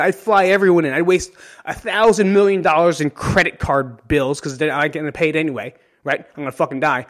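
In a high-pitched voice, a man from New Jersey hosts a one-man podcast monologue. He's candid and emotional, drops swear words freely, and ends his points with "right?"

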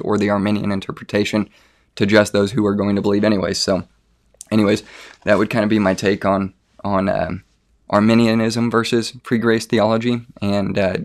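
A man with a somewhat low voice lays out a theological argument in plain, conversational talk. He speaks earnestly, pausing on fillers and restarting phrases as he reasons aloud. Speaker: theology debater.

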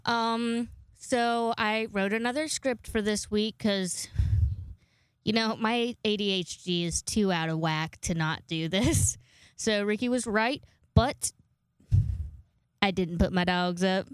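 A woman's voice: mid-range voice, slow, smooth, dry recording. A woman in her twenties hosting a podcast into a microphone, chatting in a rambling way and swearing freely. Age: 20s. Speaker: podcast host. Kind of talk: casual podcast monologue.

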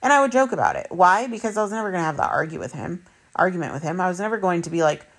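A woman's voice: on the low side, lively intonation, rapid-fire. A woman in her thirties, a mother, talking bluntly to her viewers about relationships, swearing freely and repeating points for emphasis. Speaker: vlogger. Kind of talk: candid personal monologue.

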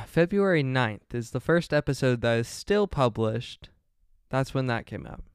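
A man's voice: medium pitch, lively intonation, a little slow, clean tone, no room sound, studio quality. A young man hosting a solo podcast, rambling along with many fillers and frequent self-corrections. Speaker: podcast host.

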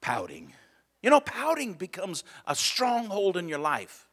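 A male pastor preaching a sermon in a relaxed, conversational way, asking for amens and chuckling with his congregation. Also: high-pitched, unhurried, slightly rough. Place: church sanctuary. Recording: long church hall reverb.

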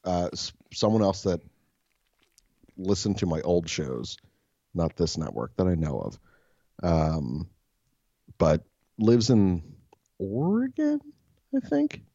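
Young guy cohosting a podcast, kinda husky, lowish voice, swears a lot and jokes on himself, muffled dry sound. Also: wildly swooping pitch, takes it slowly, pauses often, dark tone, dry recording. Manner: profane, joking, self-mocking storyteller. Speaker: podcast co-host. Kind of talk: casual chat.

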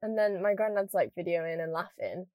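A young woman from northern England with a mild northern accent, hosting a podcast as a casual chatty monologue and rambling quickly with lots of "like". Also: fairly low pitch, darkish tone, dry recording, studio quality. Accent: mild northern English. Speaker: podcast host.

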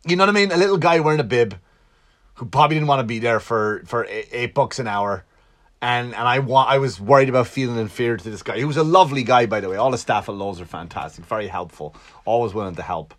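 A man's voice: medium pitch, fast, a bit bright. An Irish man hosting his own podcast, rambling casually with profanity and self-mocking jokes. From Ireland. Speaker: podcast host. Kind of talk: casual solo podcast monologue, comedic. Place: Long Island home.

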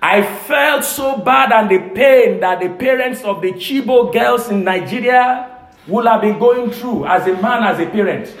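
A male pastor preaching a sermon, emphatic, repeating key phrases for weight. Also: very high-pitched. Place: church service. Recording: echoey church room.

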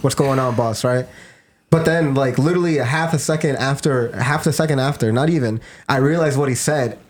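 A man's voice: medium pitch, brisk. Laid-back young man telling a story. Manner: laid-back, laughs often while telling stories. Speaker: podcast co-host. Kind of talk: casual chat.

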